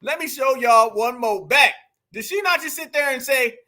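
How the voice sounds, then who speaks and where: Animated, high-voiced political commentator. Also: moderate pace. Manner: animated, exclamatory, addresses viewers as family and y'all. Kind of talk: heated commentary vlog.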